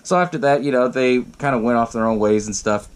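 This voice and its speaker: A podcast host with a medium-pitched, smooth voice talks a little fast as he recaps a horror film casually. He rambles, swears often, laughs, and acts out the characters' lines.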